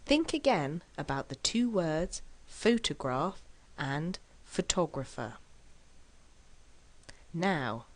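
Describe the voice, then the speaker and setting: A woman teaching an English lesson in a scripted style, pronouncing words slowly and deliberately. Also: sits low.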